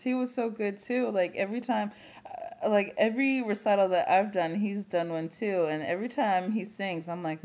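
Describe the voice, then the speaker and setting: A young woman vlogging in casual chat, talking quickly with lots of fillers and frequent laughs. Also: mid-range voice, darkish tone.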